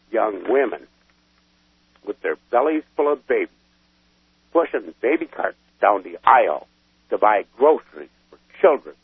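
A man calling into a radio show as a military veteran, talking in a gruff, folksy, emphatic way, with a husky voice. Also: medium pitch, dry recording. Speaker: call-in caller, military veteran. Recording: tinny dry phone line.

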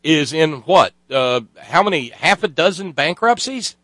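High, lively man chiming in. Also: measured pace, dry recording, studio quality. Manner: brief agreeing interjections. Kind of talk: casual political chat.

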